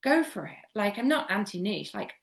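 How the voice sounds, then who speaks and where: A woman's voice: medium pitch, very animated, moderate pace. A woman from the UK, a guest homeopath chatting casually in a podcast interview, often repeating words for emphasis and laughing easily.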